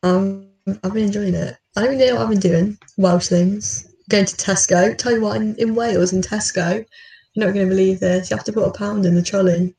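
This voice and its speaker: A woman's voice: medium pitch, fairly even intonation, fairly quick, creaky, warm tone. Chatty young woman from Stafford, roomy sound. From Stafford, England. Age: young adult. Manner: chatty, laughs often. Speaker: podcast co-host. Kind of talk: casual chat. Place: student room at a university. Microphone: remote call mic. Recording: roomy, distant call audio.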